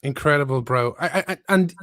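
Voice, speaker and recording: A man hosting a podcast, enthusiastic and warm-hearted in casual chat, often stumbling over restarts. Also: fairly high pitch, brisk, no room sound, studio quality. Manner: enthusiastic, stumbling restarts, calls guest brother. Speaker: podcast host.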